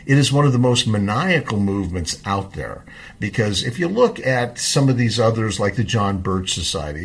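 A man's voice: on the low side, breathy edge. A middle-aged man hosting his own show, talking through his ideas in a rambling, self-correcting monologue. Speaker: host of a civic podcast. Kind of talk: casual monologue.

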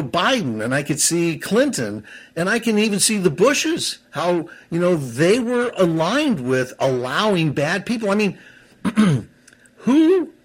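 Man, somewhat high voice, angry talk-show commentator who trips over his words when fired up. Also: husky. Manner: heated, stumbles and restarts, self-described seething.

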